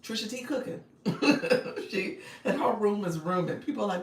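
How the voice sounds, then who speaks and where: With lively intonation at medium pitch, a woman hosts live-stream coaching at a moderate pace, laughing often, repeating upbeat encouragement, and naming viewers as she reads chat. The sound is reverberant, captured by a distant mic.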